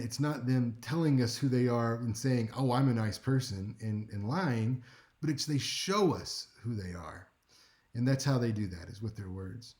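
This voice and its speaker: In a mid-range voice, a male speech instructor gives a relaxed, conversational lecture. He tosses in wry asides and keeps checking in with his listeners.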